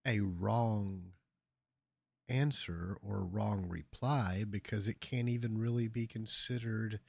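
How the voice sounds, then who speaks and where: A man's voice: lowish voice, fairly even intonation, takes it slowly, creaky, husky, no room sound. A man hosting a livestream, giving sarcastic, mocking political commentary and ranting over clips. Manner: sarcastic, ranting, mocks by repeating. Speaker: livestream host.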